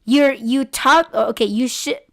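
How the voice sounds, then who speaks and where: Slow-talking, laughing woman podcast host. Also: sits high, fairly bright tone. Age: 40s. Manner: candid and chatty, laughs often, swears freely. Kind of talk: casual chat.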